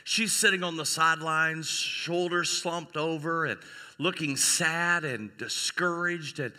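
A man pastor preaching a sermon, telling an animated story and acting out the people in it. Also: on the high side, measured pace. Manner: animated storytelling, voicing characters in a skit. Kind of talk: sermon with acted illustration. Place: church sanctuary. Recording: church sanctuary with long reverb.

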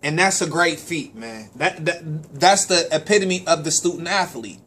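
A man hosting a local sports talk show, talking in a casual, animated way with a slightly higher voice. He repeats words and stumbles over names as he runs through his shout-outs. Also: moderate pace, slightly rough. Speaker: parent and sports official.

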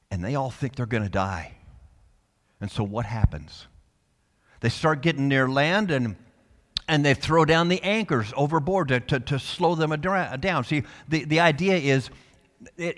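A male pastor preaching a sermon with passion, dropping to soft tones and then rising to loud calls. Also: on the high side, long reverb tail. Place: church sanctuary.

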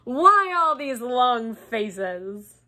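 A woman voicing a pompous, relentlessly cheerful male wizard teacher who talks down to people in a slow, loud, self-satisfied way. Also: fairly high pitch, sing-song, heavily acted. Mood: smug, condescending. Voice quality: condescending, drawn-out and loud.

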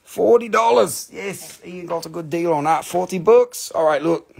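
Gravelly-voiced man joking through a sale. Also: high-pitched, moderate pace. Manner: joking, rambling, playfully crude. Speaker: host selling crystals and minerals. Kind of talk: live-stream sales patter.

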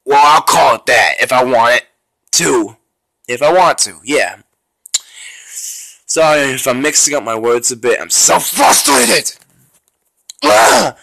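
A young man giving raging, profane commentary on his own gameplay as a YouTuber, yelling and cursing in frustration. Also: mid-range voice, measured pace, long pauses, dry recording. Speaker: gaming YouTuber.

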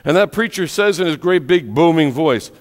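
A male pastor telling a story in a sermon, with dramatic pauses and whispery drops on key words. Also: on the high side, animated. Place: church sanctuary. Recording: echoey church hall with long reverb.

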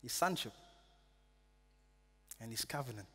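A man preaching a sermon in a church hall, reading scripture earnestly and dropping to a hush on solemn lines. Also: medium pitch, lively intonation, a little slow, husky. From South Africa. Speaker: pastor.

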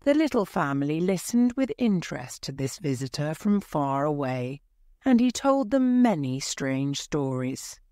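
Slow calm storyteller for english learners, dry, close sound. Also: medium pitch, dry recording. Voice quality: slow, clear, measured. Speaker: narrator.

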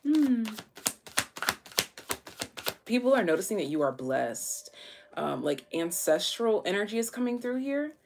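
A woman's voice: medium pitch, sing-song, a little slow, vocal fry, pauses often, background noise. A woman giving a casual, chatty tarot reading to her viewers, full of slang and fillers. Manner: chatty, slangy, thinks aloud with many fillers. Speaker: tarot reader.

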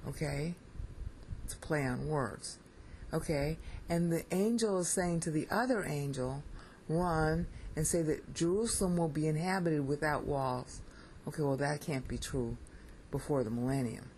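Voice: medium pitch, measured pace, a little mellow, slight background noise, rough recording. Blunt, emphatic Bible study teacher. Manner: blunt and emphatic, asks "okay?" often.

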